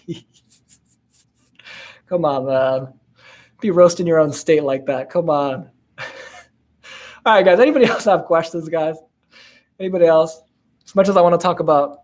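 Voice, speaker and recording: A man's voice: a little high, a little mellow. A man in his twenties hosting a casual live-stream Q&A, laid-back and slangy, with lots of fillers and laughs. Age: 20s. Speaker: host answering viewer questions.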